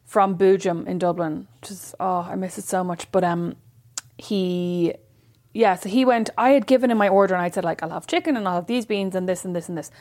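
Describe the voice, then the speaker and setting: A woman co-hosting a podcast in casual chat, telling stories in a frank, expressive way and swearing casually. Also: lowish voice, a little fast. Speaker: podcast co-host.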